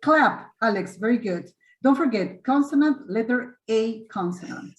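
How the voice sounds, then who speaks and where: A woman's voice: on the high side, expressive, slow pace, fairly bright tone, reverberant, low-quality recording. Encouraging woman teaching English online. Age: middle-aged. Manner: encouraging, repeats and corrects students. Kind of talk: online webinar class. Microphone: video call.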